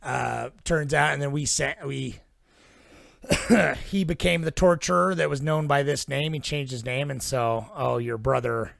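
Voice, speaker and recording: Man, podcast host, gravelly voice, rambling profane film recap, mid pitch, dry close sound. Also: a little slow, a bit bright, no echo. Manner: rambling, profane plot retelling. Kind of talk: casual film-recap chat.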